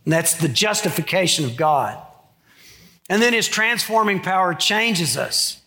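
A man's voice: high-pitched, expressive, unhurried, bright, forceful tone. A middle-aged man preaching a sermon in a church, conversational, with joking asides to the congregation. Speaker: pastor. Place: church sanctuary.

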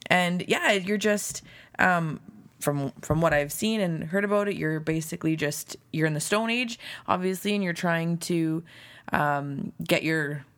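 A woman with a slightly hoarse voice, chatting with enthusiasm as a podcast co-host and rambling as she laughs. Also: on the low side, measured pace. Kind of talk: casual chat.

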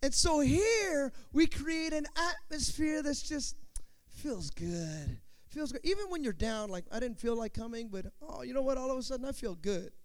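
A man preaching a sermon as pastor, moving from quiet asides to loud build-ups, acting out quoted voices and calling on the congregation to respond. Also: very high-pitched, normal speed, few pauses. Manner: dynamic preaching, swinging from quiet to shouting.

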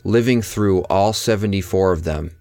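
A man's voice: low-pitched, moderate pace, a little mellow, no echo, studio quality. A man co-hosting a podcast, chiming in casually while discussing a movie. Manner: chatty, chiming in with comments. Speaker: podcast co-host. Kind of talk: casual movie recap chat.

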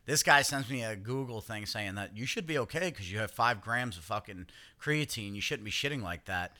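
A man with a very bright, forceful voice chatting on a podcast. He tells stories in a loose, animated way, swearing freely and breaking into laughter. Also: fairly low pitch, normal speed. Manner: swears a lot, laughs often, animated storytelling. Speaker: podcast co-host. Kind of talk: casual chat.

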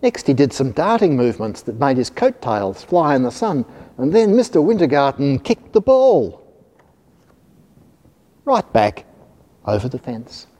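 Animated man reading a storybook aloud. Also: medium pitch, measured pace, pauses often. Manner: expressive, animated. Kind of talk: reading a children's picture book aloud. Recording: reverberant hall.

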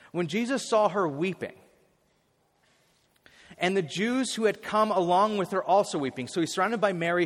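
A man preaching a sermon in an animated way, with sudden loud bursts and frequent restarts. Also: on the high side. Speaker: pastor. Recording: hall reverb.

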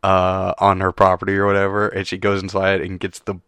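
Low-voiced man laughing through casual chat. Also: monotone, brisk, a bit bright, smooth, no echo, clean studio sound. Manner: laughs often, chatty and amused. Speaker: podcast co-host.

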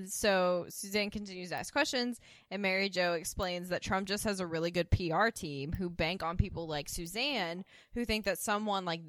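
A woman's voice: on the low side, a bit bright, no room sound. Woman recapping a show, dry close sound. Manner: acts out character lines in quick quoted bursts, laughs often. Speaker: podcast co-host. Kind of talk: casual chat recapping an episode.

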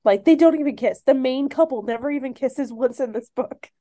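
An enthusiastic woman chatting about a book she loved, laughing easily as she talks. Her voice is a bit higher than most and has a mellow, warm tone. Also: fairly quick. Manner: enthusiastic, laughs between remarks. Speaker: book podcast co-host. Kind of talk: casual chat.

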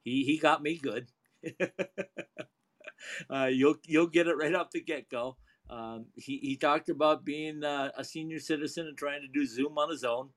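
A man's voice: a little high, fairly even intonation, normal speed, a bit bright. A man hosting a sports radio show, chatting casually with plenty of fillers and restarts. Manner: rambling, filler-heavy, chuckling.

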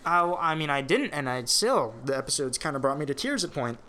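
Casual male co-host, slightly higher register, animated and profane. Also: a little fast, slight background noise. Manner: animated, swears freely, many restarts. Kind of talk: casual chat reviewing a TV show.

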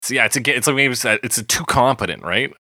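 A man's voice: medium pitch, fast talker, no echo, studio quality. A man co-hosting a music review podcast, chatting casually with lots of fillers. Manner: relaxed, chatty, many fillers. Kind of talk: casual chat.

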